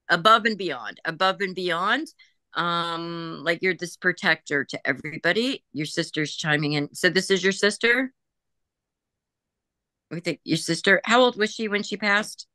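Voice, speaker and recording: A woman working as a psychic medium in a group reading, chatting casually, laughing and passing on messages in quick, informal speech. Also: lowish voice, pushed and bright, dry recording. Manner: chatty, laughing, relays messages in quoted voices.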